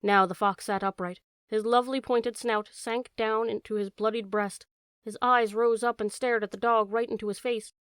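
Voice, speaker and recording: A woman narrating a classic animal story in a measured, expressive reading voice. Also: a little high, smooth, no echo, studio quality. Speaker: audiobook narrator.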